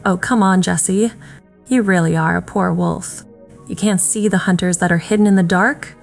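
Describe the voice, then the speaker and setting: A woman reads a cruel male werewolf hunter, and his voice is mocking and taunting. Soft music plays faintly behind the audiobook reading. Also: on the low side, steady tone, normal speed, vocal fry.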